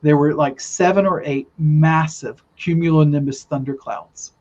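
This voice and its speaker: A man with a slightly high, mellow voice keeps a steady tone and a measured pace as a podcast guest, earnestly recounting a long spiritual vision in casual talk. He rambles and restarts often, and the recording has a dull, lo-fi quality.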